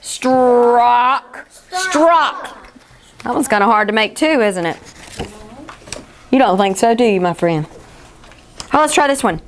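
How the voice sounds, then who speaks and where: A woman teacher leading a classroom phonics lesson, encouraging and stretching sounds out slowly. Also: on the high side, expressive.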